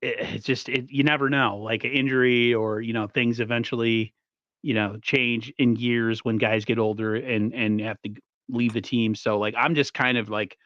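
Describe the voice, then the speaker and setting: Excited man talking football on a dull dry mic. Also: mid-range voice, normal speed, no room sound. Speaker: podcast host. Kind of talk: casual sports talk.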